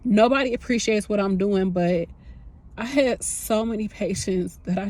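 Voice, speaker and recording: A woman's voice: mid-range voice, normal speed, a little mellow. A woman in her thirties, a nurse, talking candidly and emotionally to her phone camera in a rambling, casual way. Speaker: nurse vlogger.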